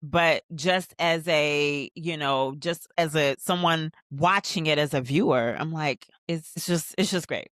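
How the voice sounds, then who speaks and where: A woman hosting a TV show rewatch, recapping scenes in a rambling, animated, profane way. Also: sits low, a little slow, few pauses, dry recording, clean studio sound. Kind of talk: casual episode recap and commentary.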